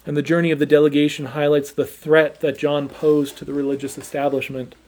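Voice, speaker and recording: A man's voice: fairly high pitch, flat delivery, fairly quick, a little mellow. A man preaching an expository sermon, earnest and emphatic, often repeating his first words as he goes. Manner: earnest, stammering repetitions, emphatic.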